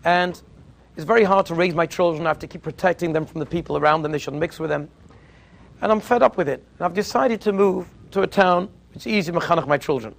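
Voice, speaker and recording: A man giving a Torah lecture as a teacher, an emphatic and animated storyteller. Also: fairly high pitch, fast, creaky.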